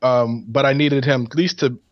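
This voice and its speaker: A man co-hosts a podcast, telling stories in an animated way during casual chat. He has a mid-range voice at a moderate pace. The sound is lo-fi and dry.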